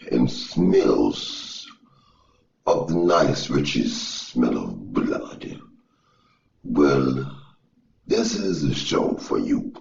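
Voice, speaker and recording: A man voicing a seductive male vampire count who drawls slowly and savors his words. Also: extremely low pitch, vocal fry, darkish tone, slight background noise, full character voice. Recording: echoey lo-fi recording.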